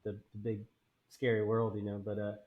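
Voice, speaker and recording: A man from Houston, Texas, a musician guesting on a podcast, answering in a relaxed, easygoing way. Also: fairly low pitch, normal speed, phone-quality sound. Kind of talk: casual interview answers.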